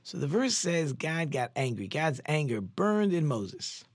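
A rabbi gives a Torah lesson as lively storytelling, his pitch leaping suddenly and his sentences often restarting conversationally. He speaks unhurriedly with a slightly rough voice, and the recording is dry.

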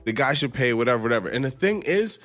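A man's voice: mid-range voice, big pitch swings, quick pace, fairly bright tone. A man co-hosting a podcast in casual chat, talking expressively and acting out quotes. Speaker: podcast co-host.

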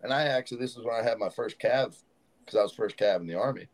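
A man telling animated stories as a podcast guest in a studio. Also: medium pitch, quick pace, rough recording. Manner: animated storyteller, acts out quotes. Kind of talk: casual storytelling.

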